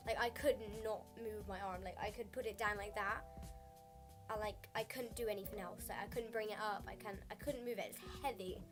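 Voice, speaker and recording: A woman's voice: medium pitch, fairly even intonation, brisk, music in the background. A teenage girl telling a casual storytime in a rambling way, full of "like" fillers. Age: teens. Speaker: vlogger.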